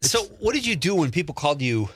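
A middle-aged man from the Midwest hosts a casual interview in a relaxed, chatty way and laughs easily. His voice sits at an everyday pitch. The sound is dry and close to the mic. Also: fast talker, slightly rough, no echo. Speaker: podcast host.

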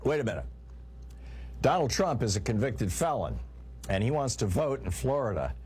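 A man hosting a political talk radio show, chatty and halting, with many fillers and restarts. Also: mid-range voice, sing-song, darkish tone, slightly rough. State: sneezing and coughing.

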